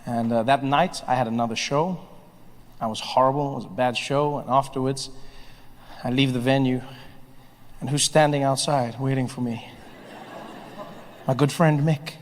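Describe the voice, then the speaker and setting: Animated male stand-up comic, echoing hall. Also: mid-range voice, moderate pace, long pauses, a little hiss or hum. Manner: animated storytelling, playful. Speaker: stand-up comedian. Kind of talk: stand-up comedy set. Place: live comedy venue.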